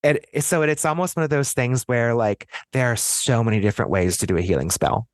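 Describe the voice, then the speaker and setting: An American man chatting as a podcast guest, thinking aloud and often circling back to restart his sentences. His pitch is mid-range for a man. The recording is close and dry, with no room sound. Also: fairly quick, dry recording. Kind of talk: casual podcast discussion.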